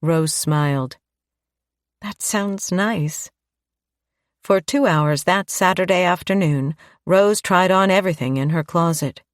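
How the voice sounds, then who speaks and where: A woman narrating an audiobook in a calm, even storytelling manner. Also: lowish voice, normal speed, few pauses, dry recording, studio quality. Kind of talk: scripted narration.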